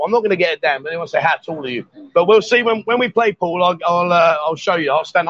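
Man, high voice, jokey live-stream host in a bar, dull lo-fi sound. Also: fairly bright tone. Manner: jovial, teasing banter. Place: bar, indoors.

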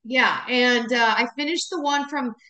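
A woman's voice: a little high, unhurried, bright, forceful tone, roomy sound. A woman from Wisconsin co-hosting a podcast in casual chat, rambling and laughing often. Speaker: podcast co-host.

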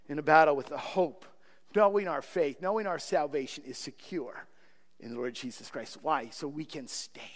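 Earnest high-voiced male pastor preaching. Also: a bit bright, long reverb tail. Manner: earnest, pleading, repeats words. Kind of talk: sermon.

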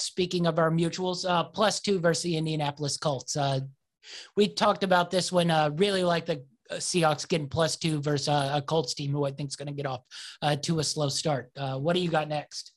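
A man co-hosting a casual sports betting chat, loose and upbeat, with lots of filler words. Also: on the high side. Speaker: podcast co-host.

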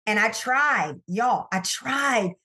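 A woman sales coach, a guest in an interview, telling her story in an emphatic, animated way and talking straight to listeners, from her office. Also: a little high, takes it slowly. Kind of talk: candid faith-based interview storytelling.

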